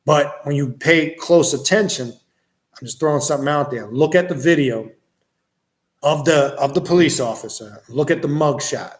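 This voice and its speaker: This livestream host answers viewers' questions after reading them out, keeping things blunt, profane, and casual while spinning animated stories full of energy. His pitch is fairly high, his pace moderate, and the recording sounds roomy.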